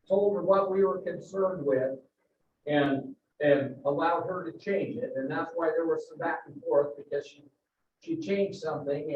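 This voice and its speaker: A man's voice: a little high, a little mellow. Man, meeting presentation, casual repeats, distant mic, faint hiss. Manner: informal, repeats words as he talks. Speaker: work group member presenting a report. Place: meeting room. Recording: echoey room, far-off muffled mic with faint hiss.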